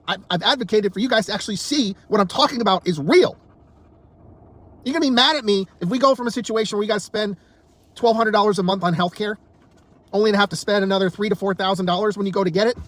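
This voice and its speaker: A man's voice: sits high, fast talker, fairly bright tone. A man delivering an angry, exasperated political rant to camera, swearing often and tripping over repeated words as he gets worked up. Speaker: political commentator.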